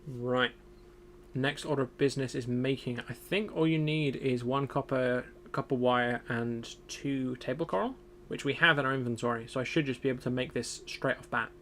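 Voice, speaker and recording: A man's voice: mid-range voice, steady tone, moderate pace, a bit bright, a little hiss or hum. A young man streaming a survival game, casually thinking aloud as he plays. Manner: thinks aloud, muttering to himself. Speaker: gaming streamer. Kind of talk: casual gameplay commentary.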